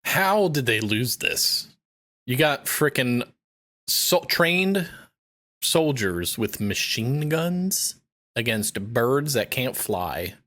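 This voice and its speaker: A man's voice: mid-range voice, very animated, drawn-out words, pushed and bright. A man co-hosting a podcast in casual chat, rambling, restarting his sentences, swearing and laughing often. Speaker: podcast co-host.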